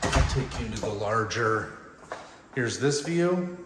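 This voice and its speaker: Amid background noise, an animated man with a low-side voice and a Texan accent gives a casual home tour as a real estate agent, filming on a handheld camera inside the house and out back. He's jokey and talkative, slightly winded from walking, and runs through features in quick lists.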